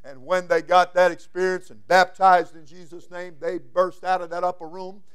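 A man preaching a sermon as senior pastor, folksy and plain-spoken, swinging from quiet asides to loud emphatic lines. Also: high voice, steady tone, moderate pace, smooth.

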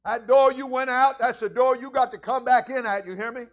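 A man preaching a sermon as senior pastor, shifting from quiet asides to loud, fervent prayer. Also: very high-pitched, fairly even intonation, fairly quick, highs cut off.

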